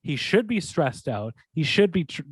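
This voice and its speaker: Rambling, animated male podcast host. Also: on the high side, normal speed, husky, dry recording. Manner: rambling, animated storytelling with frequent restarts. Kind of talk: casual sports talk.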